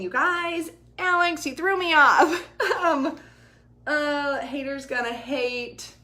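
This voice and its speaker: A fitness coach in her thirties chats animatedly with her viewers on a casual livestream, swearing freely. Her voice sits high with a sharp tone, captured close up with a ring light and camera.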